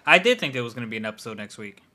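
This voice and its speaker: A man with a bright, forward voice at an ordinary pitch. He talks bluntly and swears freely in casual co-host banter. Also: very animated, racing. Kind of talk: casual chat.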